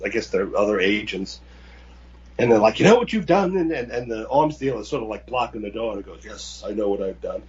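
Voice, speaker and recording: A man co-hosting a podcast, recapping a movie in casual chat with halting, rambling storytelling. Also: lowish voice, a little mellow, lo-fi sound. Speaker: podcast co-host.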